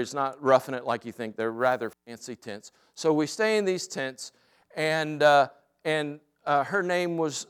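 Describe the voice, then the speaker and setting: A man preaching a sermon, telling stories in a relaxed way and dropping to soft, deliberate emphasis. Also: on the high side, smooth. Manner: relaxed storytelling that drops to soft, slow emphasis. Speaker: pastor. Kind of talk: sermon with personal anecdote.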